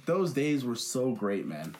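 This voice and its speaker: A man's voice: medium pitch, a little slow, a little hiss or hum. Young man telling stories animatedly. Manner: animated storyteller, acts out quotes, swears freely. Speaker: podcast co-host. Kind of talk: casual storytelling chat.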